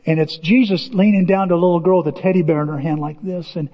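A man preaching a sermon as pastor, animated, acting out quotes and often repeating words. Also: high voice, fast talker, big-room sound, muffled recording.

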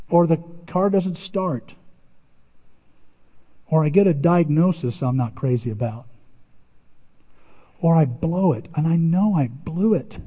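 A man preaching a sermon in a conversational, animated way, his voice rising for emphasis. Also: fairly high pitch, slow pace, long pauses, slightly rough. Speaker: pastor. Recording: muffled sound in a reverberant hall.

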